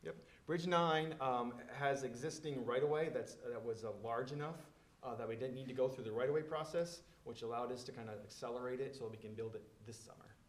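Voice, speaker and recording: A man's voice: mid-range voice, brisk, echoey room. A man presenting engineering plans at a public meeting, explaining in a loose, filler-heavy way.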